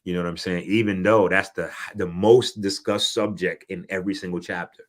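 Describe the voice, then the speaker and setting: A man speaking as a wellness guest in a casual explanatory way, animated, often asking "you know what I'm saying" and getting loud to stress a point. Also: deep voice, fairly quick. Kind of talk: casual explanatory talk on a panel.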